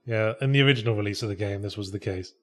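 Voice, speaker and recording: A man's voice: on the low side, rapid-fire, a bit bright. A man who made the game, giving casual commentary in a dry, wry, matter-of-fact way. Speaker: game developer doing commentary.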